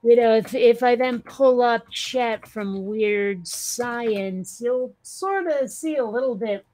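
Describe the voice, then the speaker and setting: A woman with a fairly high voice chats loosely on a podcast, slipping into a drawling Valley Girl manner. She rambles with lots of fillers and crude jokes. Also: takes it slowly, a little mellow. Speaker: podcast co-host. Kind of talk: casual chat.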